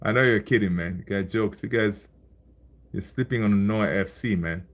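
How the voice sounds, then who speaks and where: A man's voice: on the low side, moderate pace. Chatty man hosting a live stream. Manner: loose and chatty, laughs along with viewers; many fillers, repeats phrases. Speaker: livestream host reading chat. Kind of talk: casual live chat.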